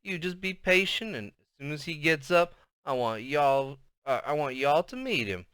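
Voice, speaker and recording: A man voicing an elderly grandmother with a Southern US accent, loud, bossy and doting, speaking in a high, drawling voice. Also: lively intonation, moderate pace, clean tone, no echo, clean studio sound.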